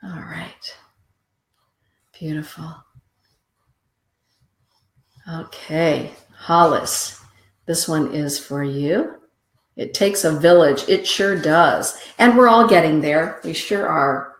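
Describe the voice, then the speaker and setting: A woman's voice: low voice, slow pace, reverberant, low-quality recording. A woman hosting a show, giving soothing, affirming oracle card readings and greeting listeners by name.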